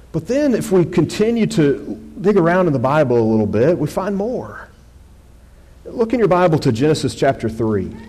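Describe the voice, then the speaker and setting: A pastor preaching a conversational sermon, reading scripture aloud with rising force. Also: male voice, mid-range voice, mellow. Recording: long hall reverb.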